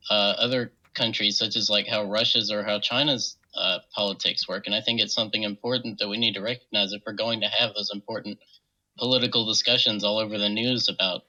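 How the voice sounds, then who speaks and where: A man's voice: lowish voice, level tone, a little fast, pushed and bright, lo-fi sound. A man calling in to a talk show, speaking hesitantly with many fillers. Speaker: caller.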